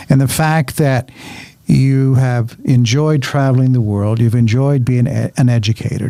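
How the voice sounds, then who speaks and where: A man's voice: mid-range voice, a little mellow, no echo. A man hosting a casual interview, a chatty storyteller who jokes and laughs often. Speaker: host.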